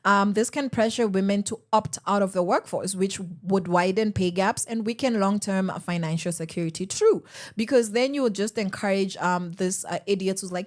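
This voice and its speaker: A woman hosting a radio talk show, speaking in an animated, emphatic way and firing off rhetorical questions from the studio. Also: mid-range voice, normal speed.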